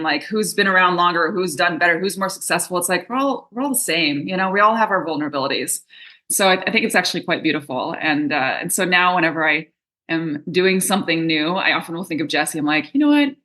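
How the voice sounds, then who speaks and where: Woman coach, interview guest, bright lower-pitched voice, earnest storytelling. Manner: earnest storytelling with frequent fillers. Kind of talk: conversational interview.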